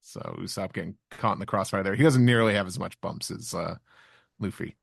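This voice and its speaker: A man co-hosting a podcast, recapping a comic chapter in halting casual chat full of fillers. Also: low voice, creaky, no room sound, clean studio sound. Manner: halting, with many fillers and restarts. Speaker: podcast co-host.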